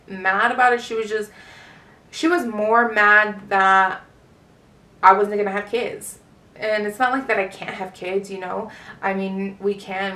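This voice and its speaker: A woman's voice: mid-range voice, a bit bright, distant mic. Brief: woman in her 20s, casual storytime vlogger, rambling with fillers, roomy echo, mic set back. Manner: rambling, lots of fillers and swearing.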